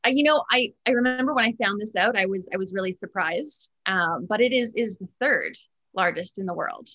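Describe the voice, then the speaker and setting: A woman sommelier with a bright voice talks through wines in a measured, thoughtful way. She pauses often on small hesitant fillers while she gathers her point. Her pitch sits in a middle range. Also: rough recording. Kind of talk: casual tasting chat.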